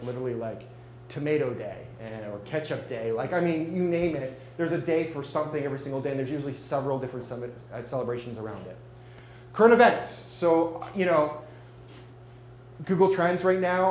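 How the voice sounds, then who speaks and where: A man presents live at a marketing meetup in a slightly mellow, higher-register voice. Chatty and joking, he keeps asking the room questions, while the echoey space has a faint hum.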